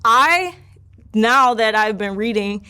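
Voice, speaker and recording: A young woman sits for an interview, telling her own story in a candid, rambling way. Her voice is smooth and clean, at an everyday middle pitch. She often drifts softer and quieter as she talks, leaning on "like" between thoughts. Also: fairly even intonation, measured pace. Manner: rambling and earnest, leans heavily on "like". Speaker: interview subject.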